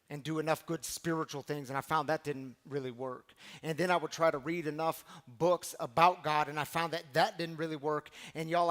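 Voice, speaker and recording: A middle-aged man preaching a recovery sermon, animated storytelling that swings from loud to hushed. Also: a little high. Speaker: pastor of a recovery community.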